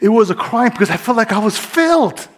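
A young man preaching his testimony, swinging between hushed whispers and loud fervent bursts. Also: high-pitched, sing-song, fairly quick. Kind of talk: testimony sermon.

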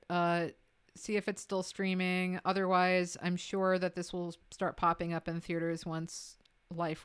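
Laughing, smooth-voiced woman telling stories. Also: fairly low pitch. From Brooklyn, New York. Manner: animated, laughing storyteller. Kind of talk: casual chat.

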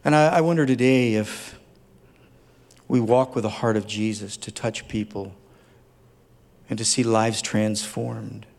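A man's voice: lowish voice, fairly even intonation, measured pace, creaky, long pauses, a little mellow. A man preaching a sermon as a pastor, speaking earnestly and tenderly, building at times to fervent emphasis. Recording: long hall reverb.

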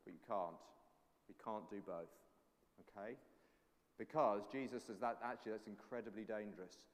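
A man's voice: lowish voice, normal speed. A man preaching a sermon with a playful children's object lesson, acting out the voices of doubters. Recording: long echoey hall reverb.

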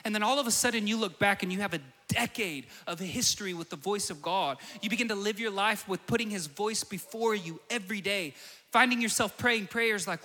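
A young man preaching in a church hall, his voice sitting high and sounding bright and forceful. He moves from storytelling into emphatic declarations. A long reverb trails behind his words. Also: fairly quick. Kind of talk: sermon.

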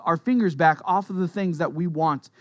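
High-voiced man preaching conversationally. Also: dry recording, studio quality. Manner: conversational, earnest preaching with quick asides. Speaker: pastor. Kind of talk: sermon.

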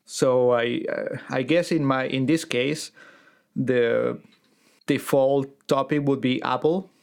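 A man hosting a podcast interview, speaking in a measured, halting way as he searches for words. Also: mid-range voice, fairly even intonation, creaky, darkish tone. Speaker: podcast host.

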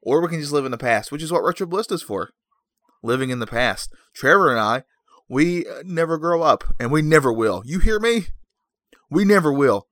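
A man's voice: fairly high pitch, lively intonation, brisk, fairly bright tone, no echo, studio quality. Goofy rambling man hosting a podcast. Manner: self-mocking, goofy, rambling. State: just woken up. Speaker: podcast host. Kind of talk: casual rambling chat.

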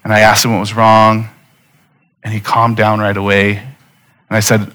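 A man's voice: fairly low pitch, monotone, unhurried, pauses often, a bit bright. Earnest man preaching a sermon. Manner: earnest, conversational preaching with direct appeals. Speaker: pastor.

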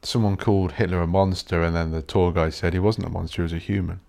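A man's voice: deep voice, steady tone, fast talker, vocal fry, a little mellow. A man hosting a solo podcast, rambling and ranting with plenty of swearing. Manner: swears a lot, rants and mocks posh voices. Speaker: podcast host.

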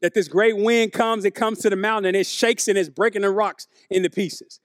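A man's voice: high voice, brisk, no echo, clean studio sound. A man, preaching a conversational sermon to his congregation. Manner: conversational preaching, animated, addresses congregation as y'all. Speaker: pastor.

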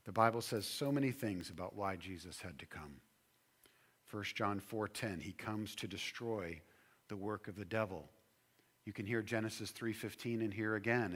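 A man's voice: fairly low pitch, a bit bright. A male pastor preaching a sermon, building emphasis and stretching key words.

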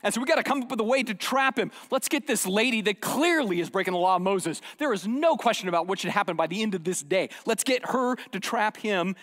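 Male pastor, high voice, lively sermon delivery, long hall reverb. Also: brisk, hardly any pauses. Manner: animated, swings from hushed asides to loud dramatic quotes.

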